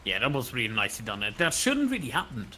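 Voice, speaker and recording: A man giving color commentary on an esports match, chatty and analytical with quick asides. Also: mid-range voice, huge pitch swings, pushed and bright.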